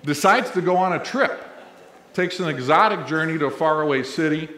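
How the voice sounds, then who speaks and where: Fairly high-pitched and a little fast, his voice sounds pushed and bright, with slight background noise and hall echo. He's a middle-aged Missouri college president delivering a funny ceremony speech packed with stories, chatting easily and working the crowd in a large event hall.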